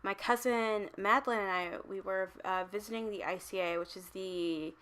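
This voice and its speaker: A woman's voice: medium pitch, moderate pace, clear, resonant tone. Chatty young woman vlogger. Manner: chatty, laughs often, animated when telling stories. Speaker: travel vlogger. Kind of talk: casual chat.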